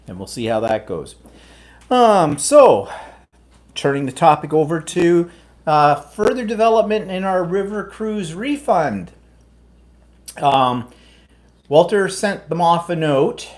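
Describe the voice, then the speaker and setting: A man's voice: on the high side, very animated, slow pace, pauses often. Chatty, rambling man co-hosting a live chat. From United States. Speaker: co-host. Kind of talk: casual chat.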